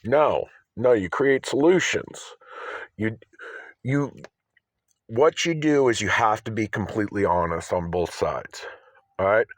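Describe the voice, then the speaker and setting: Insistent man with a low, dry voice. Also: unhurried, long pauses, no room sound. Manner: agitated, insistent, keeps asking "all right?". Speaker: vlogger. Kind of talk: rambling self-filmed monologue. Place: outdoors by his car.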